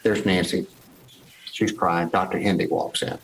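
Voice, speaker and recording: A man in his sixties, a guest telling stories from his life in a casual interview, animated and acting out old conversations. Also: low voice, unhurried, vocal fry, a little hiss or hum, rough recording. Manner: animated storyteller who acts out past conversations.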